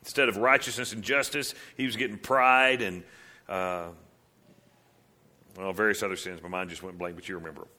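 Preacher man with a bright, animated delivery. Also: low voice, normal speed, pauses often. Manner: animated preaching, rhetorical questions, acts out voices. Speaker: pastor. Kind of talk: sermon.

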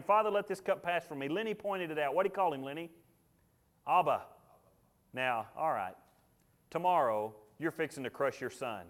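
A male pastor, delivering a sermon. His voice sits slightly above the usual male pitch and swings widely, rising and booming on emphatic declarations, then falling to low, hushed asides. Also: fairly quick. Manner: emphatic preaching with big swings in loudness and pitch.

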